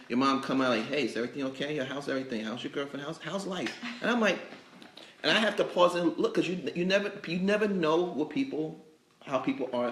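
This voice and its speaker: A man hosting a casual interview, telling rambling, animated stories about the shop. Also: mid-range voice. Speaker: host. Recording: echoey store, faint noise.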